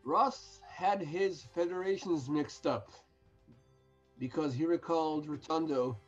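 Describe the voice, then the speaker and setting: A man with a fairly high voice co-hosts a casual chat and adds dry wisecracks. His recording sounds slightly muffled and lo-fi, with faint music behind him. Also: slow pace. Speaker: podcast co-host.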